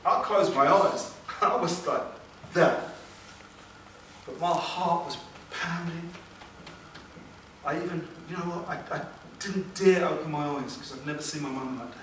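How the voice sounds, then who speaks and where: A man, a motivational speaker telling an emotional personal story at a seminar, with dramatic pauses and questions to the audience. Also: on the high side, fairly bright tone. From England. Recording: echoey room, distant mic, background noise.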